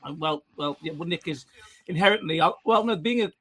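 A man's voice: on the high side, brisk, a bit bright. A middle-aged man hosting a casual chat show, rambling with frequent restarts and dry humour. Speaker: podcast host.

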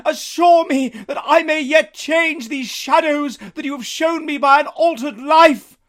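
A man voicing a desperate, repentant old male miser in a loud, strained, pleading dramatic reading. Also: very high voice, a little slow, pitched above the performer's own voice.

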